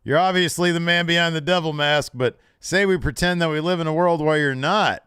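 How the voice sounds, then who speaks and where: Brief: condescending wrestler, put on by a podcast host, pitched up. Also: male voice, fairly quick, fairly bright tone, clean tone, no room sound, studio quality, lightly acted. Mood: smug. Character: smug male wrestler offering grudging help.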